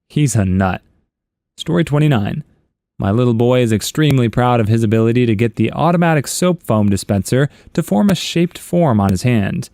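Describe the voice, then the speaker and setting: Reading short internet stories aloud, this middle-pitched male narrator chuckles now and then and drops in wry asides. His delivery is animated and warm at a moderate pace, captured close-miked in a dry, dead room.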